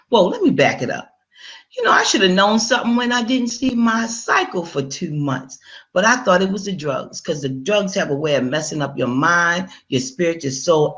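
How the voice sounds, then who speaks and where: A woman with a low, slightly bright voice gives a personal testimony, telling it conversationally and directly to her listeners while acting out her own past dialogue.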